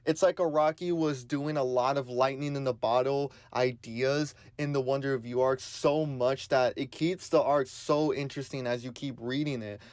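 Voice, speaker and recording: A man talking through a lisp from fresh braces, earnest and rambling as he hosts his own channel. His voice is smooth and clear at a middle pitch. The sound is dry and close. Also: steady tone, moderate pace, few pauses, a little mellow, dry recording. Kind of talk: casual solo commentary.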